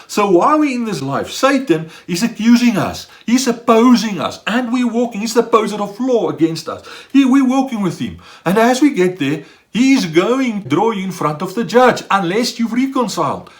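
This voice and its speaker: A man preaching a sermon, animated, acting out the dialogue of the people he describes. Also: sits high, normal speed, hardly any pauses. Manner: animated, acts out dialogue in quoted voices. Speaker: pastor.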